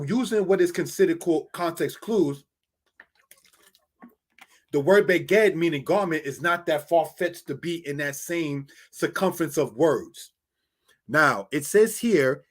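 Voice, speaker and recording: A man's voice: a little high, fairly bright tone. A man teaching a Bible Hebrew lesson over slides, addressing viewers as brothers and sisters, explaining words step by step.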